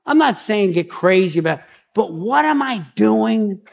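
A pastor giving a conversational sermon, chatty and rambling, with frequent restarts and asides. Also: male voice, high-pitched, animated, moderate pace, gravelly.

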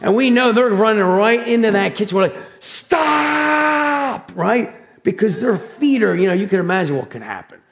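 A man preaching a sermon, telling stories in a loud, animated, dramatic way. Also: sits high, fairly quick, hardly any pauses. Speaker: pastor. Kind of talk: sermon with personal storytelling.

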